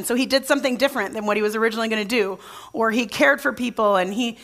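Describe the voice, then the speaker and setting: A woman's voice: a little high, fairly bright tone. A woman pastor giving a conversational sermon to her church, telling stories with many restarts and asking the congregation questions. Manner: chatty storytelling with frequent restarts, addresses the congregation directly.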